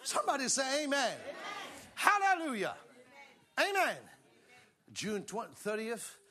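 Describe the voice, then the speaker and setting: High, bright shouting preacher man. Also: sing-song, slow pace. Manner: exuberant, shouting, laughing, call-and-response. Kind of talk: sermon.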